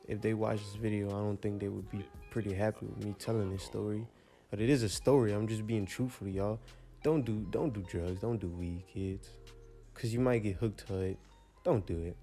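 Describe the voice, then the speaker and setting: A teenage young man casually telling a rambling storytime, full of slang and animated asides. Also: on the low side, vocal fry. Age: teens.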